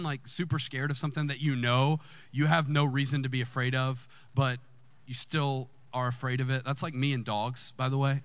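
A man, a lead pastor telling a personal story in a sermon and jumping high in pitch when excited. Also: clear, resonant tone, no echo.

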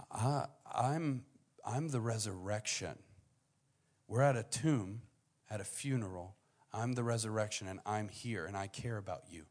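A young adult man preaching a sermon in a conversational way, acting out the people in the story and swinging from quiet, low asides to loud, high-pitched bursts. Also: unhurried.

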